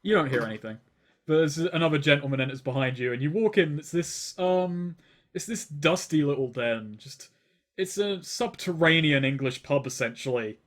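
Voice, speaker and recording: A man's voice: on the high side, lively intonation, normal speed. A man narrating a tabletop game as game master in a loose, rambling way.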